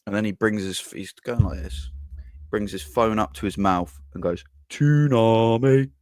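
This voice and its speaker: A man hosting a football podcast, telling a story in a blunt, casual way, swearing and pausing with ums. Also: deep voice, fairly even intonation, no room sound, studio quality. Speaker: podcast host. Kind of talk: casual match-reaction monologue.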